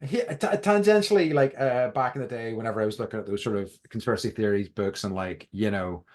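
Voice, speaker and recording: A man's voice: fairly low pitch, brisk, a little mellow. Irish male podcast co-host, casual, hesitant, chatty. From Ireland. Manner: rambling, hesitant, many restarts and fillers. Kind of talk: casual chat.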